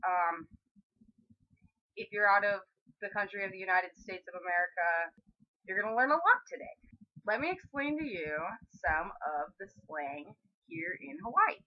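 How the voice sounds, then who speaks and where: A woman's voice: mid-range voice, lively intonation, moderate pace. A woman from California, living in Hawaii, chatting playfully to her camera as a vlogger and explaining local words. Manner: chatty, playful, laughs between points. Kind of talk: casual explainer vlog. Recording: slightly dull lo-fi sound.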